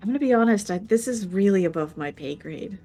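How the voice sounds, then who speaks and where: A woman's voice: mid-range voice, animated, a little fast, dark tone, faint music behind, voice pushed up, natural voice. A woman voicing a friendly, flustered young female guard who laughs easily. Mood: sheepish. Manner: breezy, laughing often.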